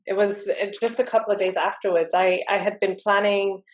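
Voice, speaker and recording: A woman's voice: mid-range voice, fairly even intonation, a little fast. A woman speaking as a podcast guest, reflective and thoughtful in casual conversation. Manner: reflective, thoughtful, with frequent fillers.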